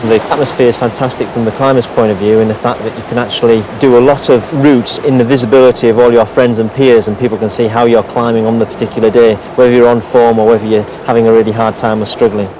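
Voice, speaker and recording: A man's voice: mid-range voice, little pitch movement, quick pace, hardly any pauses, darkish tone. Man, climber, enthusiastic and informal, outdoors, dull recording, faint noise. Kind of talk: explaining to camera. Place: outdoors at a cliff.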